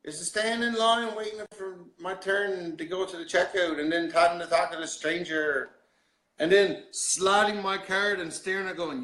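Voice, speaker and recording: A man's voice: high-pitched, moderate pace, bright, forceful tone. A man with a Newfoundland accent hosting a casual video chat, joking, swearing freely and laughing often. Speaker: host.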